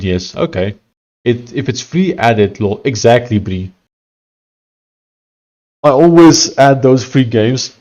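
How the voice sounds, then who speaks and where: A man's voice: mid-range voice, darkish tone, lo-fi sound. Man chatting on a stream. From South Africa. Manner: thinks aloud, reads chat, trails off with fillers. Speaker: live-streaming software developer. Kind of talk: casual live-stream chat.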